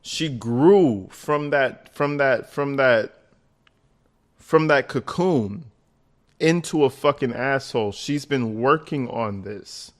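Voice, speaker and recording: A man's voice: medium pitch, takes it slowly. A young man live-streaming, reading out messages and commenting on them in a profane, sarcastic way. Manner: profane, sarcastic, heavy swearing.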